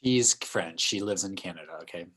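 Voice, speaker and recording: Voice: low voice, moderate pace, fairly bright tone. Joking, laughing podcast co-host. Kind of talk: casual chat.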